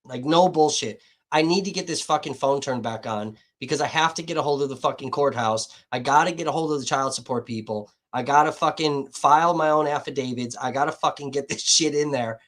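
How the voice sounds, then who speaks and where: A man's voice: mid-range voice, fairly quick, a bit bright. A man livestreaming, rambling casually and profanely to his chat viewers, saying he feels hot and dehydrated.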